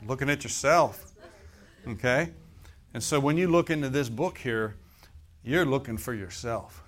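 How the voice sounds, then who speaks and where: A man's voice: medium pitch, expressive, unhurried. A male preacher delivering a sermon in a church service. He speaks in a folksy, conversational way, breaking into laughing asides and tossing rhetorical questions at the congregation.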